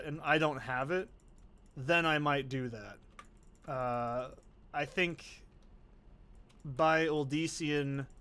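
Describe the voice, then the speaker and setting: A man's voice: on the high side, sharp tone, a little hiss or hum. A young man giving casual, rambling gameplay commentary, offhand and full of swearing. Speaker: let's play host.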